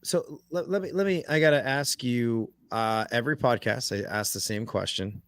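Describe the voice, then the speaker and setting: Man, podcast host, dry close sound, relaxed conversational questions. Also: mid-range voice, moderate pace, no room sound. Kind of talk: casual interview chat.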